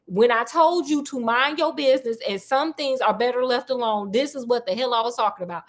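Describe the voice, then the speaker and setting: A woman's voice: fairly high pitch, fairly quick, natural voice. A woman voicing a protective, hot-tempered older male doctor in her own voice, blunt and scolding.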